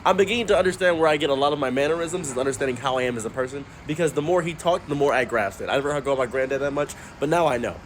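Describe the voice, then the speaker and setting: A man telling a comic story about his family in a casual, wry, deadpan way. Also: fairly high pitch, rapid-fire, hardly any pauses, a little hiss or hum. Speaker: commentary storyteller.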